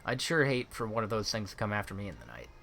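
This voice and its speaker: A man voicing a gruff, burly middle-aged man, reading his blunt, teasing lines in his own plain voice. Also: on the low side, sing-song, quick pace, fairly bright tone, exaggerated voice.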